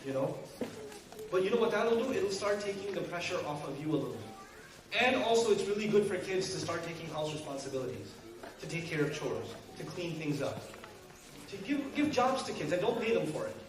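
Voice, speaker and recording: A man giving a lecture to an audience, animated and joking, acting out everyday family scenes. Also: high voice, brisk. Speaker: Islamic speaker. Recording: echoey hall, speaker far from mic.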